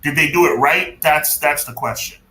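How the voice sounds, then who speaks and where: A man's voice: fairly high pitch, normal speed, pushed and bright. Emphatic man in an echoey room. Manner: emphatic, stretches words out for effect. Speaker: podcast co-host. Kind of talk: casual chat. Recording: echoey room with faint noise.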